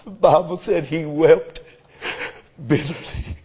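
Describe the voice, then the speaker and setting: A male preacher delivering an impassioned sermon, his voice breaking with emotion as he preaches in drawn-out bursts. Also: on the high side, fairly even intonation, warm tone, breathy edge.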